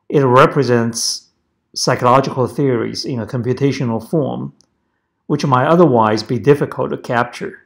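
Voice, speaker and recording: A professor giving a prepared lecture, speaking in measured, deliberate phrases. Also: male voice, mid-range voice, gravelly. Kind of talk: prepared academic presentation.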